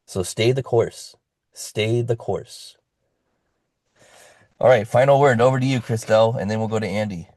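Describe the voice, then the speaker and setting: A man's voice: lowish voice, darkish tone, dry recording, studio quality. A man hosting an online community call, rallying listeners with a motivational pep talk. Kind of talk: casual online group call.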